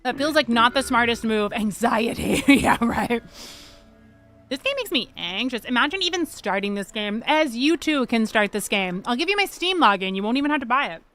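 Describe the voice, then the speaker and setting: Bright high-voiced woman streamer. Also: expressive, soft background music. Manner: chatty, swears freely, quick reactions to the game. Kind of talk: casual gameplay livestream chat.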